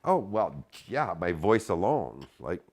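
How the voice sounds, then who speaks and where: Man, casual storytelling, profane, lively pitch, acts out quotes. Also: slow, background noise.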